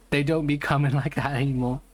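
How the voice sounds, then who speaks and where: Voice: medium pitch, steady tone, a little fast, no room sound. A live streamer in casual chat, rambling and greeting viewers by name.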